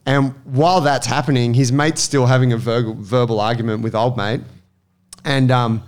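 A man recounts a night out in loose, casual chat. His voice is smooth and resonant at a middling pitch, and he lapses into quoted voices as he goes. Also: normal speed. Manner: animated storyteller, acts out quotes. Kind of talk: casual storytelling.

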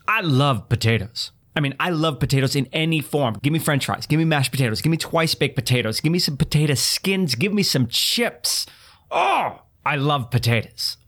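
A man hosting a comedy podcast, ranting in an exasperated, incredulous way. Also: a bit bright. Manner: exasperated, incredulous rant rising in pitch. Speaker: podcast host. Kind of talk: comedic rant.

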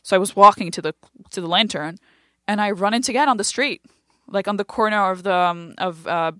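A woman's voice: medium pitch, fairly quick, dry recording. Young lebanese-born woman comic, chatty, acts out voices in her stories, dry close sound. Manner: animated storytelling, acts out quoted voices. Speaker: comedian guest. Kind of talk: casual chat.

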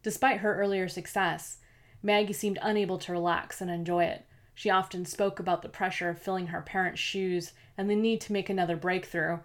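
A woman reading a novel aloud as narrator, in a steady, measured storytelling manner. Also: on the low side. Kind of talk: scripted audiobook narration.

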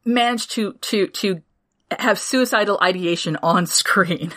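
A woman co-hosting a podcast, recapping a TV series in casual chat with swearing and quick asides. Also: mid-range voice, a bit bright. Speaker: podcast co-host.

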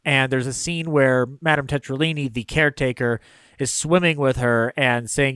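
A man's voice: mid-range voice, fairly even intonation, normal speed, fairly bright tone, clean tone, no echo. A man co-hosting a casual film podcast, recapping scenes in a rambling way with lots of fillers. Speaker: podcast co-host.

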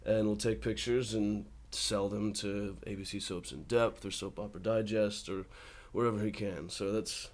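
A man's voice: fairly low pitch, steady tone, normal speed. A man, an actor guest in a casual interview, telling easygoing stories and laughing often. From born in Australia, raised in Colorado and Texas.

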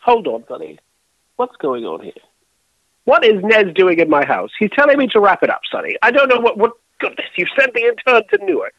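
Theatrical male co-host; high, swooping, gravelly delivery, heard over a dull lo-fi line. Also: fairly quick, no echo. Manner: theatrical, prim exclamations and deadpan quips. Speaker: podcast co-host. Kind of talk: casual chat.

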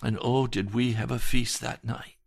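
A male pastor giving an earnest, emphatic broadcast sermon testimony, with slow, deliberate phrasing. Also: mid-range voice, steady tone, creaky, no room sound, studio quality.

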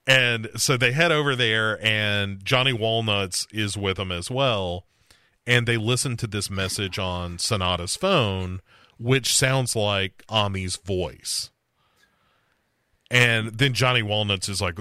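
A man's voice: fairly low pitch, takes it slowly, bright, forceful tone, clean tone, dry recording, studio quality. A man co-hosting a podcast, casually retelling a TV episode in a rambling way, acting out lines as he goes. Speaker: podcast co-host. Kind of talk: casual recap chat.

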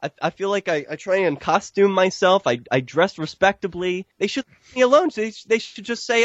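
Animated man telling a story. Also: brisk, few pauses, no echo, dull audio. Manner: animated storytelling, pitch jumps when quoting others. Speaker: interview guest, activist filmmaker. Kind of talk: casual podcast interview.

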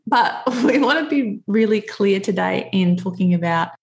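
A woman's voice: mid-range voice, expressive, moderate pace. An Australian woman hosting a podcast in a chatty, self-mocking way with easy laughter. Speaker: podcast host. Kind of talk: casual podcast chat.

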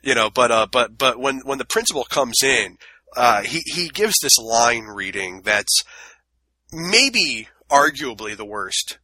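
A man's voice: mid-range voice, animated, unhurried, bright, forceful tone, no room sound, poor audio. A man co-hosting a casual film review chat, blunt and sardonic, swearing freely. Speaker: podcast co-host reviewing a film.

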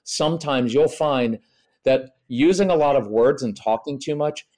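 A man's voice: mid-range voice, moderate pace, a little mellow. A middle-aged man, a parenting expert guest on a podcast, explaining in a practical way and acting out examples in voices. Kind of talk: podcast interview.

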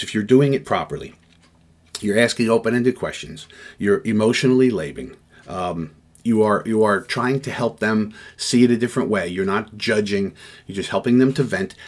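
A man teaching crisis negotiation in a conversational lecture, often checking in with "right?" and acting out the people he quotes in a raised voice. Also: on the low side. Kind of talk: spoken lecture.

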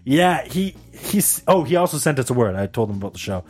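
A young man on a casual podcast, telling a story in an animated way and laughing often. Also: brisk, breathy edge. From Canada. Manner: animated storyteller, jumps high for quoted voices, laughs often. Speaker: podcast co-host.

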